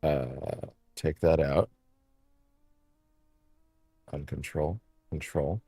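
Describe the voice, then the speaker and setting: A very low, gravelly man's voice, close and dry on a studio mic, with no room around it. He talks in a casual, rambling way, half to himself, with his pitch swinging widely as he tinkers with his stream setup and keeps correcting himself. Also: extremely slow, warm tone, dry recording. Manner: mutters to himself while fiddling with stream settings. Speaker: let's play streamer. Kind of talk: casual gameplay commentary. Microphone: studio microphone.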